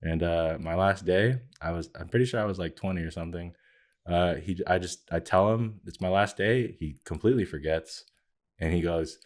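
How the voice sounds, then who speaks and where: A man's voice: sits low, moderate pace. A young man in his twenties, a podcast co-host, telling a long story in casual chat, acting out quoted lines and filling his talk with "like". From Filipino heritage. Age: 20s. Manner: animated storyteller, acts out quotes with many fillers.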